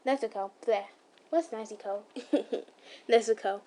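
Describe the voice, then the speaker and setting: A woman reads a fan story aloud for listeners. Her voice sits high, her reading casual, with slips, restarts and little asides. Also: measured pace, dark tone. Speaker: ASMR storyteller.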